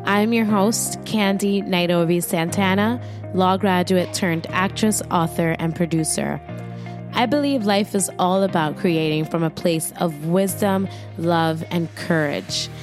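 A young woman hosts a podcast with an upbeat, effusive manner and a slightly low voice. Soft music plays faintly behind her. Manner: upbeat and effusive, quick bursts of enthusiasm. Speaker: podcast host. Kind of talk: casual interview chat.

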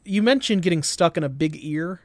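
A man with a slightly high voice, recorded dry and close, co-hosts a comedy podcast. He plays the straight man, asking questions and deadpanning along. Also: animated, fairly quick, no room sound.

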